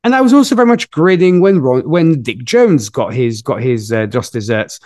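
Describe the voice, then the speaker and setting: A man's voice: medium pitch, normal speed, no room sound, clean studio sound. A man hosting a podcast, chatting enthusiastically in a casual movie review. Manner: enthusiastic, lively storytelling. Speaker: podcast host.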